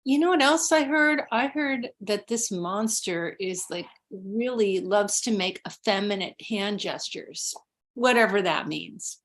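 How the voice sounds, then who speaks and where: A woman performing in an improv comedy scene over a video call, with a deadpan, matter-of-fact delivery. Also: medium pitch, unhurried.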